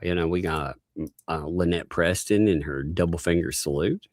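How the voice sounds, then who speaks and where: A man's voice: deep voice, moderate pace, darkish tone, no echo, studio quality. A man hosting a casual live-stream chat, often laughing through his sentences. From the Bronx. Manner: laughs often, chuckling asides. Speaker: host.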